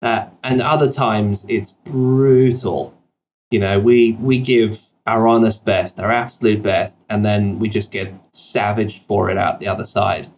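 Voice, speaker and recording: Guy w a mixed british south african accent, lowish voice, dull lo-fi audio, casual self-mocking stories. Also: fairly even intonation, a little mellow, slight background noise. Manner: self-deprecating anecdotes, quick with fillers and restarts. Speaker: CEO guest. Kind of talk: casual podcast interview.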